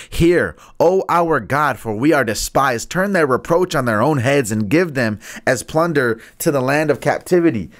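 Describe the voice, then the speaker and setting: A man with a mid-range voice reads scripture aloud on a live stream, alone in a room and close to a studio microphone. He keeps it relaxed and talkative, tripping over hard names and chuckling at his own asides. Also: mid-range voice. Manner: laid-back and chatty, stumbles over names, laughs at his own jokes. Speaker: Bible study host. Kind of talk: live-streamed Bible reading with casual commentary.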